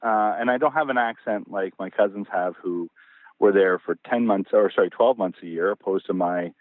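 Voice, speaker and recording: A man's voice: on the low side, moderate pace, no echo. A man from Ontario is a guest author telling family anecdotes in a loose, conversational way. He bursts into acted-out lines of dialogue. His voice comes through a narrow, phone-like line with no room sound. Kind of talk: casual conversational storytelling. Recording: tinny phone line, dry.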